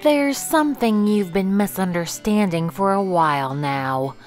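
A woman voicing an old, tired male pet dog who explains himself slowly and patiently. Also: mid-range voice, lively intonation, soft background music, natural voice. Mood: gentle.

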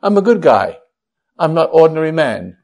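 An older man with a gravelly, rough-edged voice that swings widely in pitch, sitting a little high for a man. He counsels a caller bluntly, teasing as he goes. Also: big pitch swings, normal speed, darkish tone. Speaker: spiritual teacher answering a caller. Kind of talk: counseling on air.

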